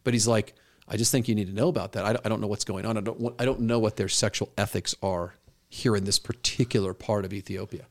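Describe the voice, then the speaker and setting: Earnest low-voiced pastor telling stories. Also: male voice, fairly even intonation, fast talker. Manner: earnest, storytelling with quoted dialogue. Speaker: pastor and podcast co-host. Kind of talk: conversational podcast talk.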